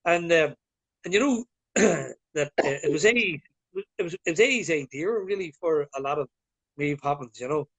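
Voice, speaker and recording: A man's voice: a little high, animated, normal speed, fairly bright tone, breathy edge. A man with a Northern Irish accent, chatting as a guest on a live video call and telling stories in a rambling way with many fillers. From Northern Ireland. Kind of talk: casual chat.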